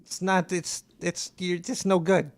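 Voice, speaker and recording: In a high-pitched, level voice that runs a little slow, a man plays a paranoid cartoon rat hosting a comedic call-in radio show. The studio-quality recording is dry. He rambles while reading emails, stumbling, stammering and starting over.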